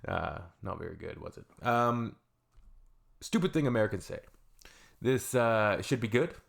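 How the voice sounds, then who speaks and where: A man talks in a low, gravelly voice as he reacts to clips. His delivery is loose and chatty. He trails off into fillers and laughs often. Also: expressive, a little slow. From Canada. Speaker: reaction video host. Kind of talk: casual reaction commentary.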